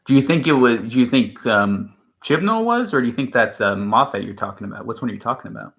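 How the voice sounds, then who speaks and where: A man's voice: mid-range voice, animated, fast talker, a bit bright. A man co-hosting a stream in casual chat, rambling and opinionated, with many restarts. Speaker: stream co-host.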